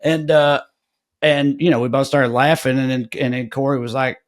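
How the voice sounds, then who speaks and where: A man's voice: medium pitch, fairly even intonation, normal speed. A man co-hosting a podcast, telling a story in casual chat with lots of fillers and restarts. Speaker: podcast co-host.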